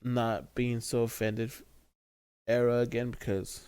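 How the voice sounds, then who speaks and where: A man's voice: mid-range voice, little pitch movement, measured pace, a little mellow, clean tone, dry recording. A man co-hosting a casual podcast, joking around, swearing freely and laughing along. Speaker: podcast co-host. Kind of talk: casual chat.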